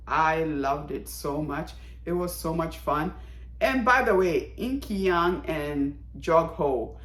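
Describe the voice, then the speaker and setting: A woman talking casually to camera as she reviews a TV drama, animated and exclamatory, and she acts out characters' lines. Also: medium pitch. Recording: echoey room.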